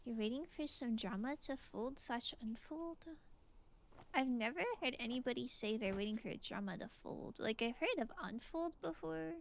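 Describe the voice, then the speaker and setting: A woman's voice: fairly high pitch, expressive, moderate pace, vocal fry. A woman streamer chatting casually while playing a game, musing aloud and answering her chat.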